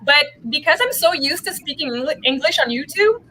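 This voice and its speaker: A woman from talks casually on a video call, her voice bright and a touch high. She chats freely, stringing thoughts together with frequent fillers, and a faint hiss sits under her words. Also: lively intonation, fairly quick, low-quality recording. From Quebec. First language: French. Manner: chatty, many fillers like "like". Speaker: book channel creator.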